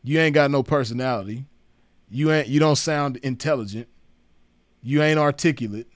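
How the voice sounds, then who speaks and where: A man's voice: mid-range voice, moderate pace, dry recording, studio quality. A man in a casual monologue to the camera, mocking someone in laid-back, profane street slang, filling his talk with "man" and "you know what I mean". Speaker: commentator.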